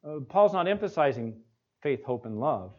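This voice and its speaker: A male pastor preaching an expository sermon, asking the congregation rhetorical questions and slowing down to stress key words. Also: fairly high pitch, very animated, a little mellow. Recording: dull lo-fi recording.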